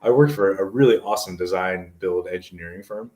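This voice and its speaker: A man's voice: low voice, brisk, mellow. A man in his forties from New Jersey, a guest telling stories in a rambling, earnest way during a casual interview. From New Jersey, USA. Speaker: guest, motivational speaker. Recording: voice distant from the mic.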